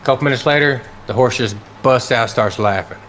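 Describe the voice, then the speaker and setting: A man's voice: mid-range voice, brisk, a bit bright, slight background noise. A man casually telling a long joke on a live game stream, rambling with lots of fillers and restarts.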